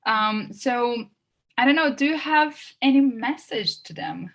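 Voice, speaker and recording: A woman interviewer with a Brazilian Portuguese accent, native speaker of Portuguese, talking over a video call in an eager, halting way with many restarts. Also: a little high, animated, fairly bright tone.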